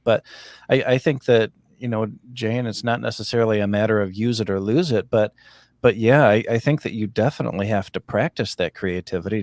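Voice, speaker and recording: A man co-hosting a casual video-call chat, rambling and joking, with slow emphatic stretches. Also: on the low side, a little mellow, no echo. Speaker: co-host.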